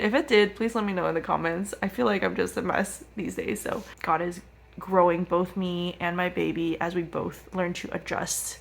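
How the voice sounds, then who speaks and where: A woman's voice: on the low side, steady tone, normal speed, creaky. A young woman, a first-time mom, talking candidly and emotionally in a personal vlog, teary at times, with lots of "like" fillers. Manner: reflective, emotional, frequent "like" fillers.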